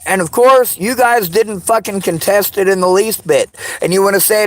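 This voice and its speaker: A man in an angry personal vlog rant. He talks in a bitter, accusing way, swears constantly and often shouts. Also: high-pitched, moderate pace, hardly any pauses, no echo. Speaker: vlogger.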